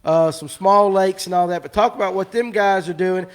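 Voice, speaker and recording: A man's voice: high-pitched, steady tone, moderate pace, smooth. A man hosting a live fishing show, rambling and teasing his guests in casual chat.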